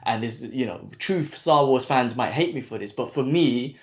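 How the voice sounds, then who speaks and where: An enthusiastic man co-hosting a podcast who gets excited talking and swears casually. His voice sits at an ordinary middle pitch. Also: normal speed, muffled recording. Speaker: podcast co-host. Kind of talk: casual chat.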